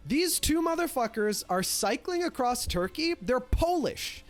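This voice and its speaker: A man casually telling a story, animated and profane, filling his talk with "like". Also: extremely high pitch, measured pace, faint music behind. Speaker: streamer.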